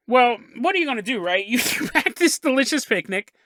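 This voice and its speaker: A man's voice: very high-pitched, very animated, fairly quick, fairly bright tone, no room sound, clean studio sound. A man hosting a podcast, telling a story in a casual, jokey, rambling way and laughing at his own asides. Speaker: podcast host.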